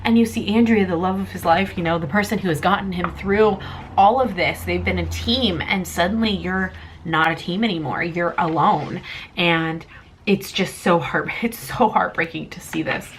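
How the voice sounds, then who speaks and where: A woman's voice: on the low side, moderate pace, slight background noise, poor audio. A young woman reviewing a comic in a casual vlog, rambling and emotional, close to tears. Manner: emotional, rambling, tearful at times.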